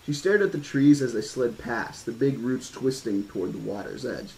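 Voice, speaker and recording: A man reading a novel aloud in a measured, horror-toned style, now and then breaking off with casual asides. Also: medium pitch, creaky, darkish tone, a little hiss or hum, poor audio. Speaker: audiobook reader.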